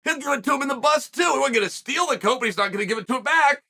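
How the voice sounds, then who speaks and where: Rapid-fire and very high-voiced, a middle-aged host from the western United States delivers an animated solo commentary. He punctuates the story with emphatic, shouted outbursts.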